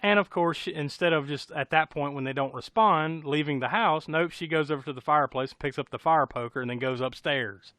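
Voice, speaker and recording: A man's voice: fairly high pitch, brisk, few pauses, a bit bright, no room sound. An American man casually recapping a horror film on a podcast, rambling and laughing, with a profane storytelling manner. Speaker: podcast co-host.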